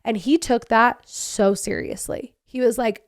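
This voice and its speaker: A woman in her thirties hosting a casual solo podcast, telling personal stories in a chatty, animated way with quick asides. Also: on the high side. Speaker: podcast host.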